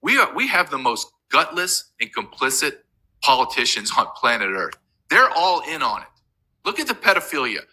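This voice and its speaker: A man's voice: medium pitch, big pitch swings, normal speed, sharp tone, poor audio. A man as an interview guest, talking urgently and emphatically, with frequent restarts. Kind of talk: impassioned remote interview.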